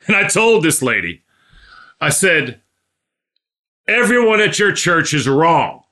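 Bright-voiced man preaching a sermon. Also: a little high, big pitch swings, slow, pauses often. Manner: storytelling, rising to emphatic exhortation.

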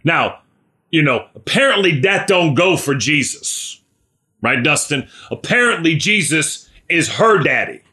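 A man's voice: fairly high pitch, lively intonation, measured pace, bright, forceful tone. A man preaching a conversational sermon, often asking "right?" and calling on listeners by name.

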